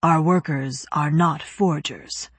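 A woman voicing a stern, proud male official in an audiobook, speaking slowly in formal, lecturing phrases. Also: low voice, breathy edge, no room sound, pitched below the performer's own voice, exaggerated voice. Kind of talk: audiobook character voice.

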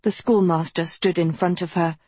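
A woman narrating a dark fantasy story in measured, dramatic storytelling. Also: on the low side, fairly even intonation, breathy edge, no room sound. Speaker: audiobook narrator. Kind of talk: scripted narration.

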